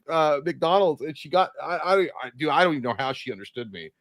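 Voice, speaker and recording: Co-host, male, fairly high voice, dry close sound, swears a lot and acts out quotes. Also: fast, hardly any pauses, no echo. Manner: profane, animated, acts out quotes. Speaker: podcast co-host. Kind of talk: casual chat, storytelling.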